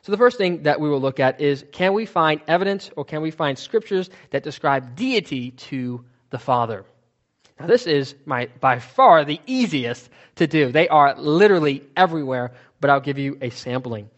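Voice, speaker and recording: A man's voice: fairly high pitch, expressive, normal speed, muffled recording. A man teaching from the Bible in a sermon, asking questions and answering them himself, stressing key words.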